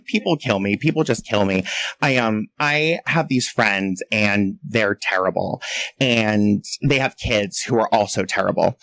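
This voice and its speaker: A man doing a chatty stand-up set on a club stage, self-mocking and quick to jump into shrill voices for the people he quotes. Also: fairly bright tone, no echo. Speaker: stand-up comedian.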